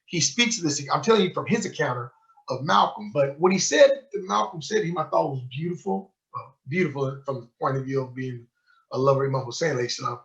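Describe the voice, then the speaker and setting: A man's voice: medium pitch, fast talker. A man giving a book club talk as a sheikh, telling a story with energy and acting out quoted dialogue. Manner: animated storyteller who acts out quoted dialogue. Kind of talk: storytelling lecture. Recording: muffled lo-fi recording.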